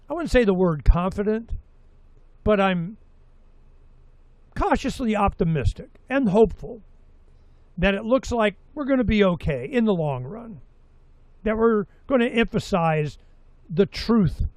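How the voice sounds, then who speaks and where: A man's voice: high-pitched, no echo. A middle-aged man hosting a talk show, rambling and sarcastic in a casual monologue, slipping into mocking voices for quotes.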